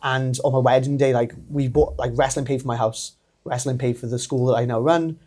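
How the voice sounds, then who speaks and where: A man in his thirties with a Welsh accent, a wrestler telling his story as a podcast guest, animated and laughing often. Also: medium pitch, fairly quick. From Wales. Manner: animated, laughs often, acts out quoted voices. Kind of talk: casual storytelling interview.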